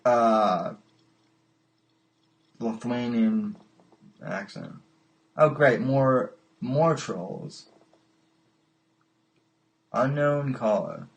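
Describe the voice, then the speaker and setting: A man hosting a live call-in podcast, chatting casually and amused, often stalling and repeating words as he goes. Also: medium pitch. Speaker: podcast host taking calls. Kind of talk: casual live-stream chat.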